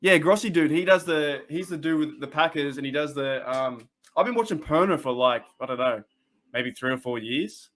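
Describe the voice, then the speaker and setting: An Australian man hosting a casual fan livestream, excitable and rambling, often restarting his sentences and laughing as he reads the chat. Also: fairly high pitch, moderate pace. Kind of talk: casual live-stream chat.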